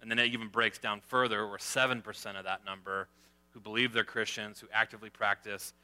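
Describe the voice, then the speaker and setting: A man's voice: on the low side, little pitch movement, brisk, bright, forceful tone, smooth. A man moderating a church discussion, affirming the others and citing survey figures in a matter-of-fact way.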